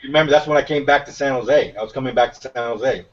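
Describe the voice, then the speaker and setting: A man's voice: mid-range voice, fast. A man chatting casually, mostly giving short replies. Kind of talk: casual chat. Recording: dull lo-fi recording.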